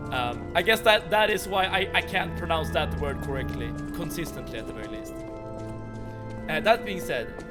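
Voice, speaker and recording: A young man with a Swedish accent, casually chatting while streaming a game, stumbling and repeating words as he starts sentences. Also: fairly high pitch. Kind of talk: casual gameplay chat. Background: game music.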